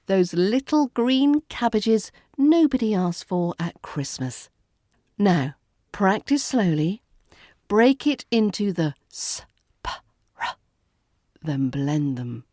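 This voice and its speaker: A woman accent coach with a British RP accent teaches pronunciation in a playful, dryly witty scripted voice-over, whispering some of her sound demonstrations. Her voice is lowish and warm, with big pitch swings and a slow pace, recorded dry with clean studio sound.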